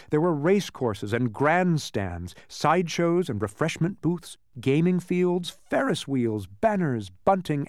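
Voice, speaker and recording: A man reading a children's storybook aloud as narrator, in an expressive way. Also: medium pitch, no room sound, studio quality.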